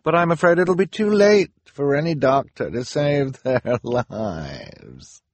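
Man plays a sinister scheming woman villain, snarling and slow, husky storybook baddie. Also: on the low side, big pitch swings, no echo, exaggerated voice. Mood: menacing.

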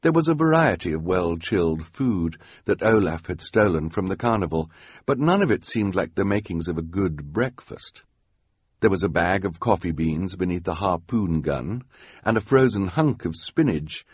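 A man's voice: sits low, expressive, moderate pace, darkish tone, husky, no echo. A man reading an audiobook in a dry, wry storytelling manner. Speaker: audiobook narrator. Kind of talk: scripted narration. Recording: dry studio voice-over.

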